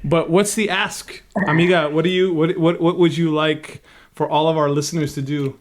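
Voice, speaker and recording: A man's voice: on the high side, fairly even intonation, moderate pace. A man co-hosting a podcast interview, effusive and emotional, with casual swearing. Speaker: podcast co-host.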